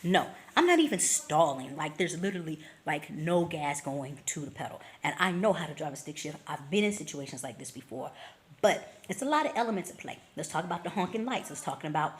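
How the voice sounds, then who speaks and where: A woman vlogger casually telling a story, slangy and expressive, acting out scenes with sound effects and little voices. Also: sits low, a little fast. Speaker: travel vlogger.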